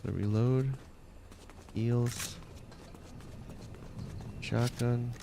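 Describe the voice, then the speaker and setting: A man's voice: medium pitch, fairly even intonation, extremely slow, vocal fry, noisy background. A man with a Long Island accent giving casual commentary as he plays a game, chatty and muttering to himself while he loots. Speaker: game streamer.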